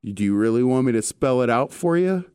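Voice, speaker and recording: A man impersonating a calm, mysterious male psychic who speaks in a measured way. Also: medium pitch, clean tone, no echo, clean studio sound, close to an everyday voice.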